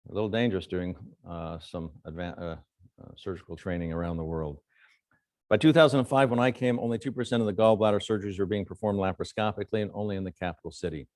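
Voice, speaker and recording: A man's voice: low voice, quick pace, no room sound, studio quality. A middle-aged man, a surgeon, giving a conference lecture full of anecdotes and frequent fillers. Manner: storytelling, animated quotes, frequent fillers.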